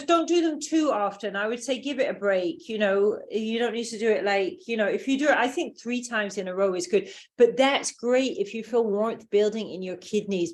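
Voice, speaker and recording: A woman from England with a British accent, leading a group lesson and explaining in a loose, rambling way with many fillers. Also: medium pitch. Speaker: workshop teacher.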